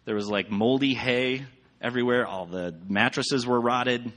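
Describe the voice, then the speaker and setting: A man's voice: mid-range voice, normal speed, a bit bright. A man giving a casual sermon with slides, chatty and rambling, with many fillers. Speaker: church speaker.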